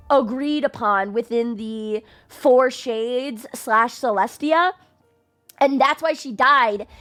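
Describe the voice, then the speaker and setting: Casting brief: bubbly high-voiced streamer in her twenties, excitable and gushing, easygoing tempo, faint music behind. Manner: excitable, gushing, full of fillers and swearing. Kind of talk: excited game playthrough reaction.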